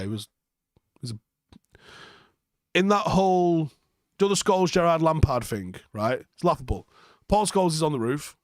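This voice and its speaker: A man's voice: fairly high pitch, dry recording, studio quality. A young man, hosting a live football reaction stream, reading viewer comments and answering them bluntly with plenty of swearing and sarcasm.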